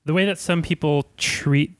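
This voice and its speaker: A man co-hosting a podcast, talking casually with many fillers and pauses to find his words. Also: fairly high pitch, steady tone, no echo, studio quality. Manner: casual, lots of "like", searches for words. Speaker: podcast co-host.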